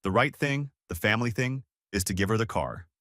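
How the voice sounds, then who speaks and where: A man's voice: on the low side, expressive, brisk, fairly bright tone, dry recording, studio quality. A man voicing a stubborn older grandfather in a read-aloud family story, cold and commanding. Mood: stern.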